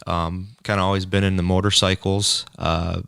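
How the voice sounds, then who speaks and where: A young man talking as a podcast guest, easygoing and unhurried, with plenty of ums. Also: low voice, level tone, vocal fry, fairly bright tone, clear, resonant tone, no room sound, clean studio sound. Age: young adult. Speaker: podcast guest, lawn care business owner. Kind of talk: casual chat.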